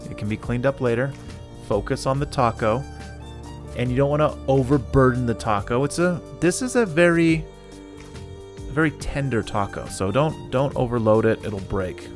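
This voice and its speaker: A man hosting a casual cooking video, chatting enthusiastically as he cooks and tastes the food. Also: medium pitch. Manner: chatty and enthusiastic, talks while cooking and tasting. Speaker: cooking channel host.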